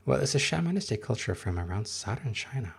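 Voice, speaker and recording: A man's voice: medium pitch, sing-song, quick pace, vocal fry, husky. A man in his thirties, not a native English speaker, chatting in a rambling, casual way on a livestream and answering his chat.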